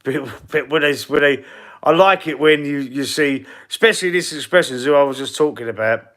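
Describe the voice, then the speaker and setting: A man's voice: on the high side, fairly quick, fairly bright tone. A man from London with a London accent, chatting casually on a live stream as a football fan, rambling, laughing often and swearing now and then. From London, England. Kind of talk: casual live-stream chat reading comments.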